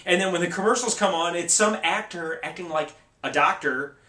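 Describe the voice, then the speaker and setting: A man's voice: sits high, brisk. Ranting man, roomy and distant from mic. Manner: animated, sarcastic, exasperated ranting. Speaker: tech video host. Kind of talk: casual ranting commentary.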